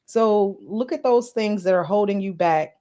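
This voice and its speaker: A woman's voice: medium pitch, normal speed, mellow. A woman podcast host chatting casually on a live stream, greeting commenters by name and speaking earnestly with some filler words.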